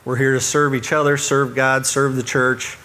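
A man's voice: mid-range voice, level tone, moderate pace, pushed and bright. A man who works with churches, giving earnest, conversational faith advice and chuckling at himself now and then. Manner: earnest, self-deprecating, chuckles at his own stories. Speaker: church ministry worker.

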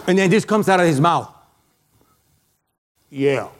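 A middle-aged man with a foreign accent preaching a sermon and telling a personal story in an animated way, with many halting restarts. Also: fairly high pitch, background noise.

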